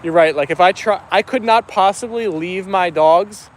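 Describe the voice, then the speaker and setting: At a moderate pace and in a high voice, the man talks casually to his live stream audience from outdoors, his dogs nearby, picking up viewer comments and replying to each.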